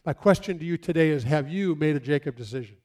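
High-pitched male pastor preaching outdoors, acts out his stories. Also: fast. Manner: animated, acts out stories and quotes. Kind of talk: sermon. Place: outdoors near trees.

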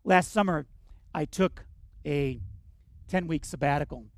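A man pastor preaching an earnest sermon, swinging between emphatic bursts and hushed reflection. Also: a little high, unhurried, dry recording.

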